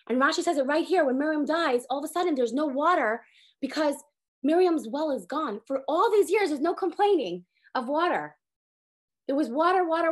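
High-voiced, animated woman teaching. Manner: animated storyteller, acts out quoted voices. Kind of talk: Torah lesson to a group.

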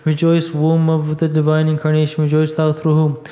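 A man reading liturgical hymns aloud in a steady, even recitation at a church service, now and then stumbling over a word. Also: fairly high pitch, normal speed. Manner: steady monotone recitation with small slips. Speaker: reader at a monastery service. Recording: dull echoey church audio.

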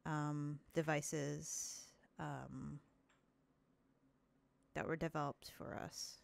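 Woman doing a calm ancient immortal woman. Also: low voice, extremely slow, gravelly, voice pushed down, heavily acted. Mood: calm, knowing. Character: ancient immortal female being, calm and knowing.

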